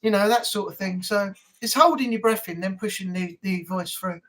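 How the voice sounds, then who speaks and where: A man's voice: high voice, normal speed, a bit bright, low-quality recording. A man hosting a casual live-stream chat from home, rambling and chatty with lots of fillers. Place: home room.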